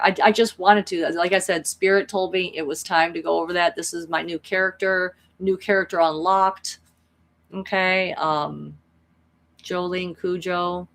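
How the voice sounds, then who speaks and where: Rambling, animated woman vlogger, lowish voice. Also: vocal fry. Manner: animated, rambling, many restarts. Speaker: spiritual vlogger. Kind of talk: casual story retelling.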